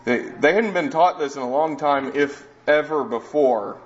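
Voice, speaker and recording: A man teaching through a Bible passage verse by verse in a relaxed, conversational way, often restarting his phrases and adding asides. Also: on the high side, unhurried. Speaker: preacher. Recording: dull lo-fi sound.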